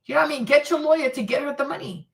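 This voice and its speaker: Casting: outspoken woman livestream host, cussing, animated, high-pitched. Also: very fast, creaky, far from the mic. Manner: blunt, profane, animated ranting. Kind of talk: livestream commentary.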